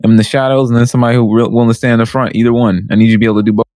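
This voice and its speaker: Fast slangy man on a podcast. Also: medium pitch, little pitch movement, darkish tone, no room sound, studio quality. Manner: fast slangy bragging, leans on "fam" and "bro". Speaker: podcast co-host. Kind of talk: casual argumentative chat.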